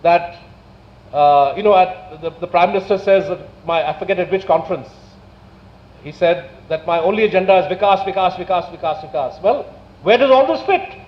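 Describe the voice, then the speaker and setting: A man's voice: high voice, lively intonation. Indignant man lecturing in an echoey hall. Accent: Indian English. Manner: indignant, rhetorical questions, measured emphasis. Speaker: speaker at a public talk. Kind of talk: public lecture. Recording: echoey hall, dull lo-fi sound.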